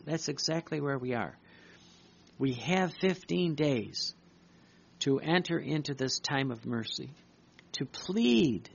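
A man's voice: medium pitch, vocal fry, breathy edge. A man preaching urgently, reading devotional writings aloud and breaking off to comment, repeating his points for emphasis. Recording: dull lo-fi recording.

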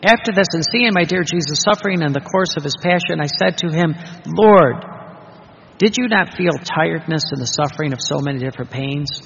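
A man's voice: fairly high pitch, fast, creaky, few pauses, fairly bright tone, slight background noise. A man preaching a sermon, emphatic and full of rhetorical questions. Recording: dull reverberant hall recording.

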